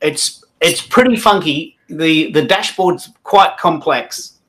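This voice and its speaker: An Australian man with a fairly bright, high-ish voice hosts a live stream, speaking slowly but chatty and upbeat as he welcomes guests. He rambles with frequent restarts in this casual stream chat.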